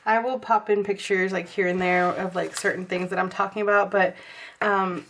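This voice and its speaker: Young woman, slightly hoarse, casual planner chat, lots of fillers, says y'all. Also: medium pitch, steady tone, normal speed, a bit bright, a little hiss or hum. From Texas. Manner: chatty, many fillers, addresses viewers as y'all. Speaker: planner vlogger.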